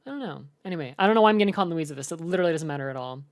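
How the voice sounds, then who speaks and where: A woman's voice: low-pitched, expressive, rapid-fire. Chatty young woman streamer. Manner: chatty, rambling, many fillers. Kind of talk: live reaction commentary.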